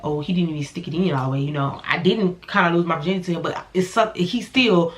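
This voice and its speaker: A woman's voice: lowish voice, fast talker. A woman telling a personal story in a casual vlog, blunt and profane, acting out the voices of the people in it. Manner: animated, blunt and profane, acts out quoted voices. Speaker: storyteller vlogger.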